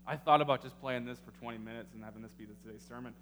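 A man preaching a sermon as pastor, halting with many ums and emotional at times. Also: mid-range voice, fairly even intonation, fairly bright tone. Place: church sanctuary. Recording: echoey hall with faint noise.

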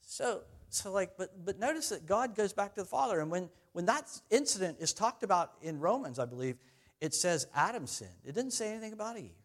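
Preaching to his congregation, a middle-aged pastor speaks fairly quickly in a fairly high voice with lively intonation. His sermon is relaxed and chatty, full of frequent laughter and jokes at his own expense.

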